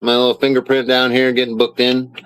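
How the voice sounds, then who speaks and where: A man's voice: medium pitch, monotone, a little fast, a bit bright, clean tone, rough recording. A man on a live stream, angrily denying claims and reading arrest papers aloud while swearing often, from his home studio. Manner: indignant, swearing often, reads documents aloud. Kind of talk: angry live-stream rant.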